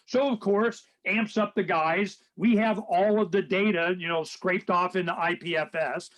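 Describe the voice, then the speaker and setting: Older man, high voice, rambling, animated, talk radio host. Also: a little slow, poor audio. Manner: rambling, animated, acts out quoted people in a raised voice. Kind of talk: casual political chat.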